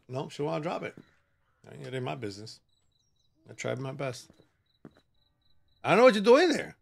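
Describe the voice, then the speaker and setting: A man's voice: medium pitch, big pitch swings, moderate pace, gravelly, long pauses. A man giving joking, sassy commentary while he plays a horror game, bantering with the characters on screen. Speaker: gaming channel host.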